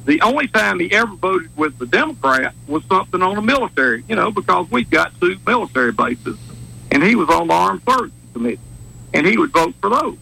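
A man's voice: sits high, very animated, creaky, pushed and bright, breathy edge, rough recording. A man with a Wiregrass Alabama accent, a judge calling in to a talk show, talking in a combative, fired-up way. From southeast Alabama. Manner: fired-up, rapid, combative, laughing.

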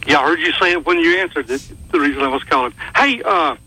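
A man's voice: fairly high pitch, fast talker, sharp tone, husky, low-quality recording. A man calling in to a radio show, friendly and chatty. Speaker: regular caller.

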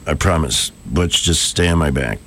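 A man's voice: rumbling low, animated, moderate pace, bright, forceful tone, slight background noise. A man hosting a local radio show from the studio, rambling and self-deprecating as he tells stories. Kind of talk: casual morning radio chat.

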